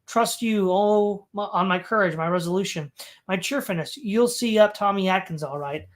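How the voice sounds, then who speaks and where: A reader voicing a sarcastic London Cockney commoner who mocks the authorities' promises, read in a plain, mid-pitched voice close to the reader's own. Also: moderate pace, natural voice. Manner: mocking, scornful retort.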